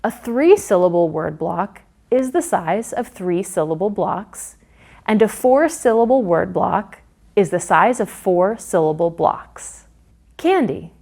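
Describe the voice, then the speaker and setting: A woman narrates a phonics training lesson for teachers, unhurried and clear. Her pitch moves in a lively, animated way as she sounds out words syllable by syllable. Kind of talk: instructional narration.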